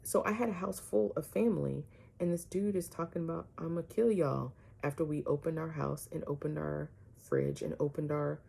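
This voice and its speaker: A woman vlogger telling a personal story to her viewers, animated, often asking "right?" and dropping some words to a whisper. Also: deep voice, gravelly, slightly rough.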